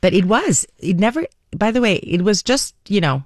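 A woman's voice: medium pitch, big pitch swings, moderate pace, no echo. Chatty radio host woman. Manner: chatty, warm storytelling with many restarts and fillers. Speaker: radio morning show host. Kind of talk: casual talk radio monologue. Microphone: studio microphone. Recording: dry studio sound.

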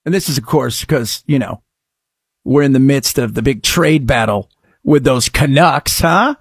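A man's voice: medium pitch, a little slow, slightly rough, no echo, studio quality. A middle-aged man hosting a talk-radio show, delivering a sarcastic, opinionated monologue that swings between mutters and outbursts.

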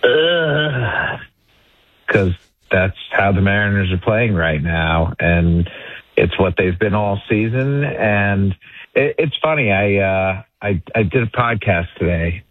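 A man's voice: low voice, dry recording, phone-quality sound. A man talking baseball as a guest on a sports radio show, self-deprecating and packed with statistics, restarting his sentences often. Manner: self-deprecating, stat-heavy, frequent restarts. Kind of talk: casual sports radio chat.

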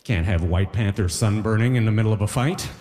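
A man doing a stand-up comedy set, telling jokey stories with quick asides to the crowd. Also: on the low side, a little mellow, slight background noise. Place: live comedy stage in a hall. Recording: live stage recording with long hall reverb.

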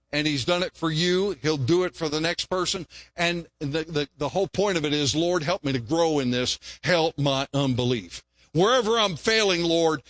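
High, bright-voiced earnest male preacher. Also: no room sound. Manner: earnest, repeats phrases, rises when quoting prayers. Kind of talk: sermon.

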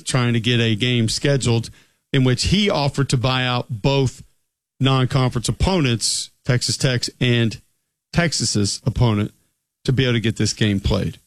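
A man hosting a sports talk show, steady and wry as he steers the segment. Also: mid-range voice, dry recording. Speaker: sports radio host.

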